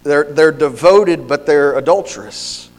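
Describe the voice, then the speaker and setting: Higher-voiced man preaching in a reverberant hall. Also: measured pace, a little mellow. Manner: conversational, repeats words, acts out quoted speakers. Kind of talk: sermon.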